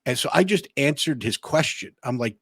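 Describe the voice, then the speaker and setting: A man's voice: mid-range voice, expressive, normal speed, fairly bright tone, slightly rough, dry recording, clean studio sound. A man co-hosting a casual podcast chat, telling rambling, profane work stories and laughing through them. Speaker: podcast co-host.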